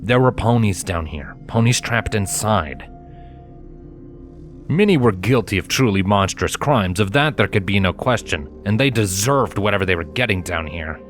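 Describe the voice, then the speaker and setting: A man narrating a fanfiction chapter as an audiobook, in a steady, measured storytelling manner. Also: on the low side, music in the background. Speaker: audiobook reader.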